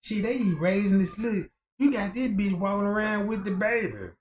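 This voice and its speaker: A man's voice: high-pitched, lively intonation, moderate pace, slight background noise. A man on a casual livestream, telling crude, profane stories in slang and acting out the quotes, often asking whether you know what he's talking about.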